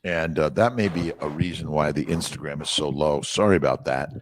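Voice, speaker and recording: A man's voice: a bass voice, brisk, very noisy. A man in his sixties hosting a morning livestream, rambling in an encouraging way as he reads out viewer names and comments. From United States. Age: 60s. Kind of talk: casual livestream chat reading viewer comments. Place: away from his usual office. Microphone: phone mic.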